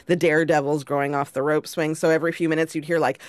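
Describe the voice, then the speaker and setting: A podcast co-host telling a relaxed, rambling vacation story in casual chat, full of fillers. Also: mid-range voice, fast, no room sound.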